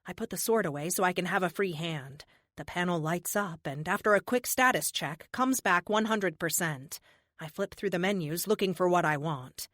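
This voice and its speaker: A woman's voice: lowish voice, normal speed, fairly bright tone, no room sound. Woman narrating an audiobook, dry sound. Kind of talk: scripted first-person narration.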